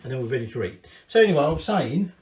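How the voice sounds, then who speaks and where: A man's voice: medium pitch, big pitch swings, rapid-fire, darkish tone. A Scottish man hosting a casual cooking video, rambling and swearing cheerfully as he talks through a recipe in his home kitchen. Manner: chatty, rambling, sweary asides. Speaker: cooking channel host. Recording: echoey room.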